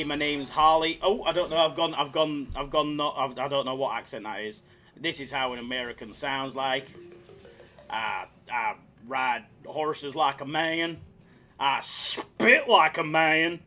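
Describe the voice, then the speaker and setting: A man chatting casually on his live slots stream, excitable and self-mocking, swearing freely as he reads the chat. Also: fairly high pitch.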